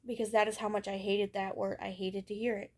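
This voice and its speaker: A young woman vlogs to camera about her childhood, speaking candidly and rambling a bit with lots of fillers while she has hiccups. Her medium-pitched voice moves little in pitch and goes fairly quickly.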